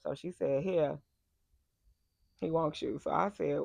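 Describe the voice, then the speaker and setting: Woman, gravelly voice, animated casual storytelling, dry close sound. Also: low-pitched, slow pace, dry recording. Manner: animated and emphatic, acts out the people she quotes. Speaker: vlogger telling a personal story.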